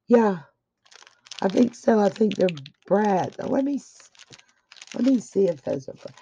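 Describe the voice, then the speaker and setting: A woman's voice: medium pitch, expressive, takes it slowly, dark tone, breathy edge. A woman crafter in a casual unboxing chat, gushing with effusive praise while her throat is a little dry. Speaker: craft vlogger opening happy mail. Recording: dull lo-fi audio.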